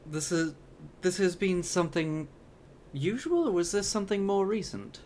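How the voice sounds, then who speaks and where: In a tabletop game, a man voices a polite female battle sister in power armor, speaking courteously and hesitantly with many fillers. His voice is high and darkish at a normal speed, pitched above his own voice but close to an everyday one. There's a little hiss or hum.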